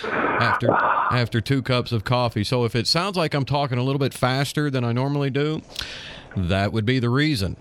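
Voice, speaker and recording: A man's voice: mid-range voice, moderate pace, a bit bright, smooth, no room sound. Rambling chuckling male radio host. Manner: rambling storyteller with many fillers and chuckles. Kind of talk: casual radio banter.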